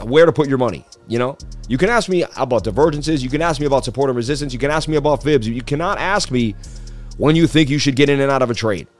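Hyped, boastful livestream trading host. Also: male voice, mid-range voice. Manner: hyped, boastful, talks straight to viewers. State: slightly losing his voice. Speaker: crypto market analysis livestream host. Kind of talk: casual livestream chart analysis.

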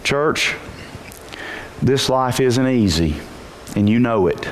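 A pastor preaching a sermon in church, telling the story with energy and moving from quiet asides to shouted peaks. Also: male voice, medium pitch, animated, slow pace, slight background noise.

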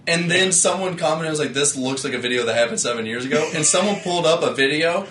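A man's voice: a little high, expressive, fast talker, a bit bright, echoey room, slight background noise, poor audio. A man co-hosting a podcast in casual chat, agreeable and hedging, full of fillers. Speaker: podcast co-host.

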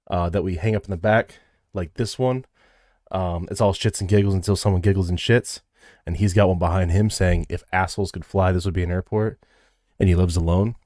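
A man's voice: sits low, a little mellow, no echo, studio quality. A man co-hosting a casual podcast, joking crudely and laughing often. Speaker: podcast co-host.

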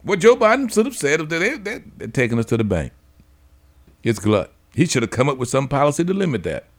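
A man's voice: fairly high pitch, very animated, brisk. A man hosting a radio talk show, delivering an opinionated monologue in a folksy, preachy way and laughing between his points.

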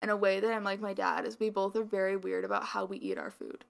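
A woman's voice: mid-range voice, very animated, fast, vocal fry. A young woman co-hosting a podcast in casual chat, rambling with lots of filler words and a slight mumble. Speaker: podcast co-host.

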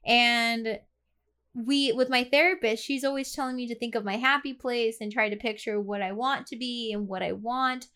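A woman's voice: fairly high pitch, fairly even intonation, normal speed, pushed and bright. A woman co-hosting a casual podcast, talking candidly and laughing easily, with the hiccups. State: has the hiccups. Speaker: podcast co-host.

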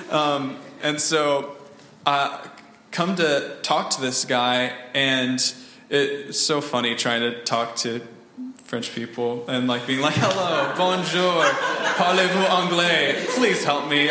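Man telling a halting story in an echoey hall. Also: mid-range voice, bright, forceful tone. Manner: halting, lots of fillers and restarts, laughs often. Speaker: church member sharing a mission trip story. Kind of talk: casual storytelling testimony. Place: church hall.

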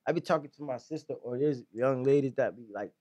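A man's voice: mid-range voice, fast, crowd noise. A man in a casual faith discussion, talking earnestly and often saying "bro". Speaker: co-host.

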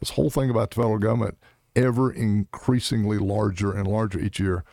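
Gravelly, blunt-talking middle-aged man. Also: fairly low pitch, fairly even intonation, quick pace, dark tone, no room sound, studio quality. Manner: blunt, emphatic, punchy short commands. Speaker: Senate candidate guest. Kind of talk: political interview.

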